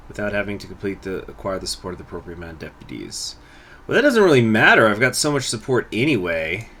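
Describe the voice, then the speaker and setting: A man's voice: on the low side, sharp tone. A man hosting a gaming channel, thinking aloud and muttering through let's play commentary, swearing now and then.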